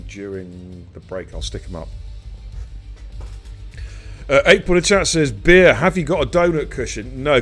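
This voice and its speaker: Rowdy, banter-heavy race caster. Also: male voice, lowish voice. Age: middle-aged. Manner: loud excitable hype with cheeky banter. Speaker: sim racing commentator and stream host. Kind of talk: live esports race commentary.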